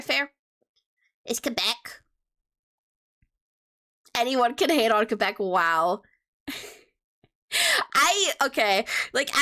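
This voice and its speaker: A woman's voice: on the high side, pushed and bright. A young woman streamer chatting casually with her viewers, playful and teasing as she answers questions.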